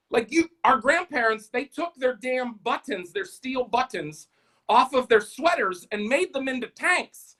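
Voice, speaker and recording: A man's voice: very high-pitched, sharp tone, rough recording. A man in his thirties hosting a live stream, rambling through stand-up style jokes, self-deprecating and talking straight to his viewers.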